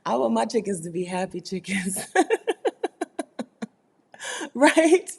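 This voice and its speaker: A woman's voice: medium pitch, expressive, slow pace, creaky, breathy edge. A woman hosting a casual livestream, chatting with viewers, reading their comments aloud and laughing often. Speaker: host of a livestream for her community.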